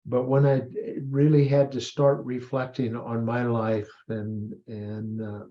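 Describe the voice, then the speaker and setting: A man in his seventies, a priest and retired army colonel, speaking as an interview guest in a thoughtful, halting way with pauses and self-corrections. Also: medium pitch, flat delivery, dull audio. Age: 70s. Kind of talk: reflective interview talk.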